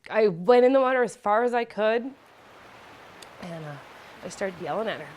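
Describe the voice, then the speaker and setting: A woman's voice: mid-range voice, animated, normal speed, darkish tone, rough recording. A woman emphatically retelling a river rescue in a documentary interview. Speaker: neighbor.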